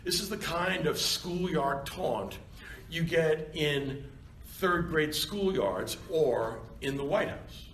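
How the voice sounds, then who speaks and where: A male university lecturer giving a seminar lecture in an animated, conversational way, often checking in with his students. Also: a little high, slow, distant mic. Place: seminar classroom. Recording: roomy classroom with faint background noise.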